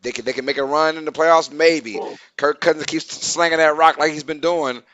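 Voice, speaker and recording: Excitable bright-voiced man hosting sports talk. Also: on the high side, normal speed, lo-fi sound. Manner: excitable, repeats words for emphasis. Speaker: sports talk show host. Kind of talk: casual live-stream sports chat.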